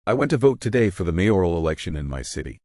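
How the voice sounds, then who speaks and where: A man's voice: low voice, very animated, quick pace, a little mellow, slight background noise. A man narrating a first-person story in a casual, sarcastic manner.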